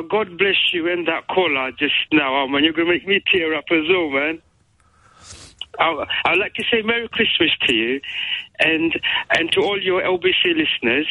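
A man's voice: high-pitched, bright, forceful tone, no echo, low-quality recording. A man calling a radio phone-in, eager and effusive. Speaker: caller.

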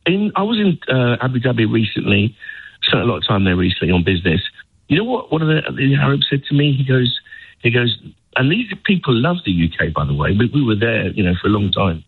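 Emphatic male phone-in caller, animated and husky, phone-quality audio. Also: mid-range voice, brisk, no room sound. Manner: opinionated, emphatic. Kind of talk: phone-in call. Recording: tinny phone line.

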